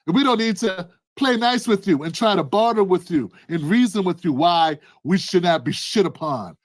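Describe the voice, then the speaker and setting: Emphatic high-voiced male commentator. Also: expressive, moderate pace, no room sound. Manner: preachy, emphatic, rising to shouts. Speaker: political commentator. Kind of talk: impassioned commentary.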